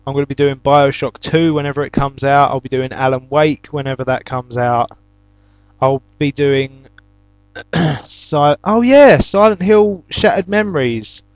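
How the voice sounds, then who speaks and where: A man's voice: a little high, measured pace, dry recording. A young British man hosting a gaming channel, casually answering viewer questions and telling stories in a chatty, exasperated way. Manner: chatty storyteller, flares into loud exasperated shouts. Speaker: YouTube gaming channel host.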